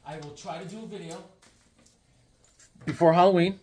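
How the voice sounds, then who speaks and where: A man's voice: a little high, moderate pace, breathy edge. A man casually chatting to camera, rambling in an easygoing way as he shows his comics and sketches. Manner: rambling, easygoing, chuckling asides. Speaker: comics collector showing his drawings.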